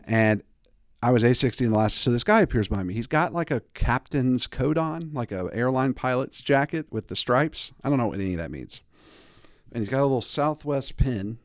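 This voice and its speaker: A man tells a story on a podcast in a loose, rambling way and slips into playful quoted voices. His pitch jumps around a lot, and the sound is close and dry with no room echo. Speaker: podcast host. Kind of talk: casual storytelling monologue.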